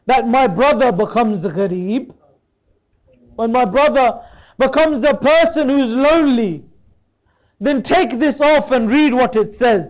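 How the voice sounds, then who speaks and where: A man narrating a mourning sermon, his voice rising into a tearful lament. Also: very high voice. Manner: recites in a rising lament, voice breaking toward tears. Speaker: speaker at a mourning gathering. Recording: tinny phone-like sound.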